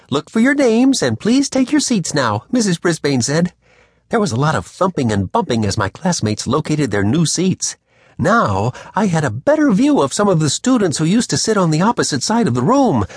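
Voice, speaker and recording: A man narrating a children's audiobook in first person, with a lively storytelling manner. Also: high-pitched, breathy edge, no room sound, clean studio sound. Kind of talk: scripted narration.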